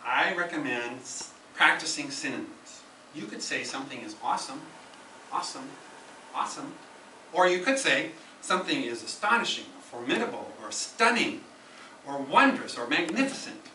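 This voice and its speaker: With a fairly high, animated voice at normal speed, a man gives a prepared teaching speech at a speaking club, driving points home by emphatically repeating key phrases. A far-off camera picks it up in an echoey room with background noise.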